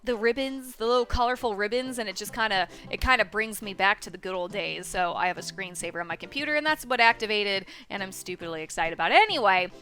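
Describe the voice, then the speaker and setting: A woman's voice: mid-range voice, fast, few pauses, pushed and bright, faint music behind. A young woman chatting casually in a vlog, rambling and swearing freely and joking at her own expense. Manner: rambling, profane, self-deprecating. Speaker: vlogger.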